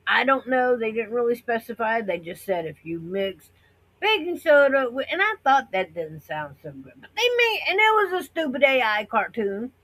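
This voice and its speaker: A woman's voice: on the high side, big pitch swings, moderate pace, a bit bright, low-quality recording. A middle-aged woman from the United States talking in a chatty, rambling way to her viewers, acting out other people's reactions. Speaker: vlogger. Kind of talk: casual rambling monologue.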